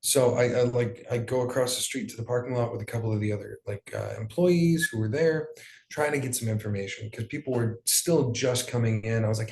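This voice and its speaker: A young man recounts a painful experience as an interview guest, talking loosely with frequent fillers and casual swearing. His voice sits in an ordinary middle pitch. The room around him rings with a noticeable echo. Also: a little fast, gravelly, darkish tone. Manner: loose, profane storytelling with many fillers. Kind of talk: emotional personal account. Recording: roomy echo.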